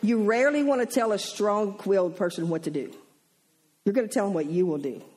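Southern woman, church storyteller, lively and chatty, middle pitch. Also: a little fast, slight background noise. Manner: animated, acts out the people in her stories. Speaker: pastor's wife and teacher.

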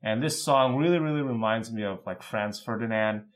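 A man's voice: on the low side, normal speed. Laid-back man co-hosting a podcast. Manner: relaxed, thoughtful music commentary with many fillers. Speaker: podcast co-host. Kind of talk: casual chat.

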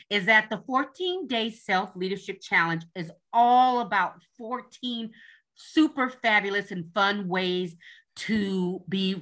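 A woman guest on an interview show, a leadership coach talking with upbeat enthusiasm and spelling things out slowly. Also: mid-range voice, bright, forceful tone.

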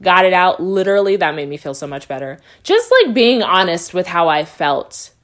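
A woman's voice: on the low side, big pitch swings, moderate pace. A woman hosting a podcast as a coach, talking in a reassuring, encouraging monologue and repeating her key phrases.

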